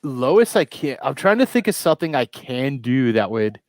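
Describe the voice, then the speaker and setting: A man's voice: mid-range voice, sing-song, moderate pace, no room sound. A man from New England hosting a live stream over a headset, telling rambling, profane stories in casual chat. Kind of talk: casual chat with swearing and anecdotes.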